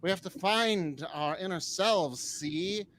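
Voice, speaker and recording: A man's voice: high-pitched, slow pace, fairly bright tone, slight background noise. A man doing an impression of a grand, new-agey woman politician with an old-movie mid-Atlantic drawl. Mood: grandly mystical.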